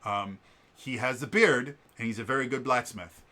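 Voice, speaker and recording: Speaking at medium pitch and a moderate pace, the man on his vlog has a sharp tone. His long, casual story wanders, packed with fillers and false starts, and he acts out the people he quotes.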